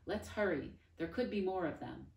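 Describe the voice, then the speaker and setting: A woman's voice: on the low side, expressive, normal speed, creaky, a little mellow, echoey room, far from the mic, voice pushed up. A woman voicing an earnest male talking dog who speaks urgently and firmly. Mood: tense.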